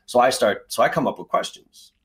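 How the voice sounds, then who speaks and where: A man's voice: medium pitch, fairly quick. A middle-aged man from the Boston area, a sales trainer telling stories as a podcast guest in a blunt, conversational way, swearing freely. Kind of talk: casual storytelling in a podcast interview.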